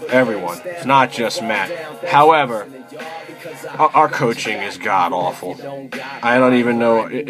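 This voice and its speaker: A man giving a casual, rambling rant as a football fan, exasperated and swearing, with lots of fillers like "you know" and "man". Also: medium pitch.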